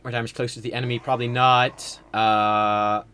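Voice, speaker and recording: A man streaming a video game, giving casual, rambling commentary with sudden excited outbursts. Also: mid-range voice, fairly quick, a little hiss or hum. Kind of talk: casual livestream gameplay commentary.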